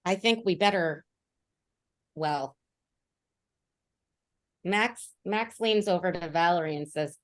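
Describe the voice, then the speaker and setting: A woman's voice: on the low side, takes it slowly, long pauses. A woman player in a tabletop game over a video call, talking hesitantly with many fillers. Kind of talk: casual tabletop game play.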